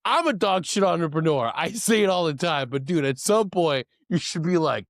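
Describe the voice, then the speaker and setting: A man co-hosting a podcast, joking around in a profane, animated way. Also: on the high side, moderate pace, no echo, studio quality. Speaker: podcast co-host. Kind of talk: casual chat.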